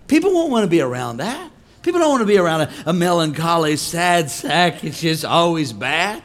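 Animated high-voiced preacher. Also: male voice, normal speed. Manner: animated, shouting, mock-singing and laughing between lines. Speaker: pastor. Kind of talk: comedic sermon. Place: church hall with a live congregation.

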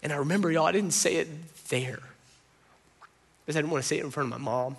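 A man's voice: on the high side, fast talker, vocal fry, breathy edge. A man preaching a sermon, talking conversationally and with strong emphasis, often acting out quotes. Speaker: pastor.

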